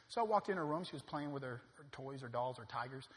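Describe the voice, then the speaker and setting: A man in his thirties preaching a sermon as a pastor, swinging from loud preaching peaks to quiet storytelling. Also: medium pitch, expressive, fast. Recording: long reverb of a hall.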